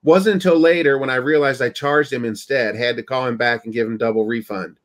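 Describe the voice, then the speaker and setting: A man's voice: medium pitch, fairly even intonation, fairly quick. A man from the United States hosting a casual livestream, joking and reading viewer comments aloud. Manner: playful, joking, reads chat comments aloud. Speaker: livestream host.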